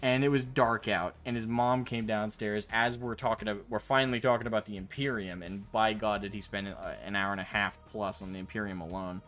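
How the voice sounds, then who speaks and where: A man streaming while painting miniatures, telling a long casual story in a rambling, animated way with the odd swear word. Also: lowish voice, fairly quick, few pauses. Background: faint Gregorian chant music.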